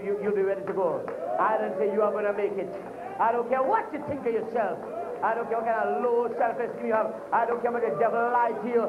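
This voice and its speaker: A man's voice: very high voice, background noise. A man preaching a sermon in a church, fervent and full of amens. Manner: fervent, punctuated with frequent amens. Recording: echoey, tinny phone-like room recording.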